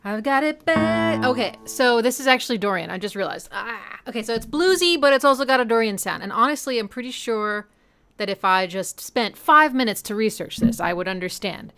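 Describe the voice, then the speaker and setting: Slightly high and a little quick, her fairly bright voice carries a casual, educational music commentary streamed from home. She's chatty and excited, scatting rhythms aloud to explain them over a faintly playing song.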